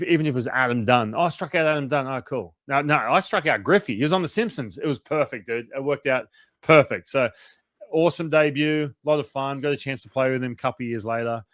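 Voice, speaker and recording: Man, storytelling guest, lively and casual, dry close sound. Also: mid-range voice, no echo. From Australia. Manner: animated, acts out quotes, swears, fast run-on storytelling. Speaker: former baseball pitcher, guest.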